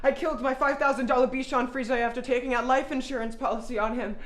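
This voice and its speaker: A woman's voice: high-pitched, fairly even intonation, fast, a bit bright. A woman playing a flamboyant, theatrical older woman in a live comedy sketch, wailing and laughing through her lines. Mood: hysterical confession. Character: flamboyant dramatic old woman in grief.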